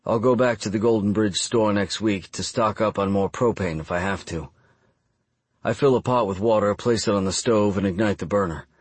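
A man reading a first-person audiobook narration in a measured, even storytelling delivery. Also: on the low side, slightly rough, no echo.

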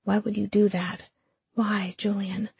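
A woman's voice: mid-range voice, little pitch movement, measured pace, gravelly, darkish tone, slightly rough, no echo, full character voice. Figure: a woman voicing an anxious, guarded young noblewoman who asks pointed questions. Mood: worried.

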